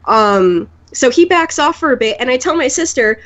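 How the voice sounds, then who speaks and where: A young woman, a podcast guest, telling an animated story and mimicking the people in it. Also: high-pitched, moderate pace, lo-fi sound. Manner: animated, mimics voices in anecdotes. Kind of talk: casual storytelling.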